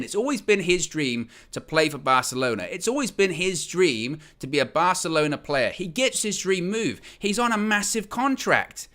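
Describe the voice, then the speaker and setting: A man's voice: fairly high pitch, pushed and bright. A young man presenting a football talk show, ranting with passion and hammering his points home again and again. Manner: impassioned ranting, repetitive emphasis. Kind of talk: opinionated football transfer talk.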